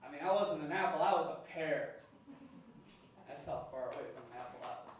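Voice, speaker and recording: A man doing stand-up in a club, loud, goofy and self-deprecating. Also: fairly high pitch, brisk. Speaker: stand-up comedian. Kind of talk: stand-up routine. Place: comedy club stage. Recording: echoey room from far off with ambient noise.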